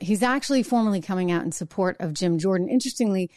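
A woman hosting a political talk show, talking in a brisk, sarcastic, conversational way. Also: mid-range voice, darkish tone, no room sound, clean studio sound. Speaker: political commentary host. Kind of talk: opinionated solo talk show.

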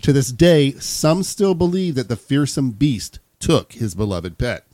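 A man's voice: medium pitch, sing-song, a little slow, dark tone, dry recording. A man hosting a comedy podcast, reading a story aloud to his co-hosts and breaking off to joke with them. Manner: reads the story then jokes along. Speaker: podcast host.

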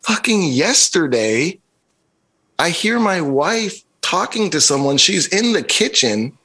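A man's voice: fairly high pitch, sing-song, slow, bright, forceful tone, slightly rough. A middle-aged man co-hosting a podcast, telling a long story in a rambling, profane way with lots of "like" and "you know". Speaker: podcast co-host. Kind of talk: casual chat.

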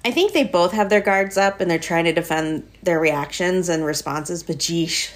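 A woman co-hosting a podcast in casual chat, reacting with quick laughs and exclamations. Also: on the low side. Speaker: podcast co-host.

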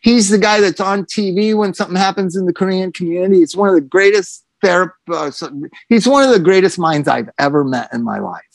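Animated storytelling man, dry sound. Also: high-pitched, fairly quick, creaky, no room sound. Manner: animated, laughing, quoting others in put-on voices. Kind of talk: casual storytelling chat.

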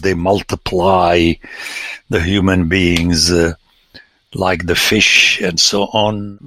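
A man, a priest, giving a lecture on scripture with animated, theatrical emphasis and sudden exclamations. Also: fairly low pitch, no room sound.

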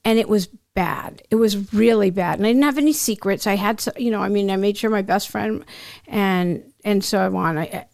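A woman's voice: medium pitch, normal speed, gravelly, a little mellow, no echo, clean studio sound. A middle-aged woman telling personal stories as an interview guest, in an emotional, tumbling way that keeps interrupting itself. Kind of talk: candid personal storytelling.

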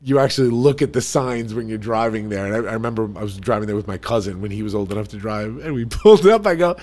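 A man from the New York area, telling family stories in casual podcast chat, animated and full of restarts. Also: on the low side, fast talker. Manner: animated storyteller, restarts sentences.

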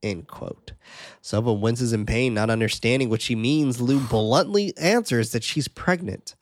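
A man's voice: mid-range voice, measured pace, no echo. Man recapping a film, dry sound. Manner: narrates scenes, then riffs with casual swearing. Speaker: podcast host recapping a film.

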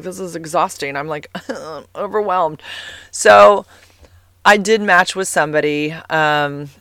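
This Californian woman in her forties has a smooth, low voice with a bit of brightness, recorded with no room sound. As a vlogger she rambles casually to camera, telling personal stories stuffed with fillers and "like"s.

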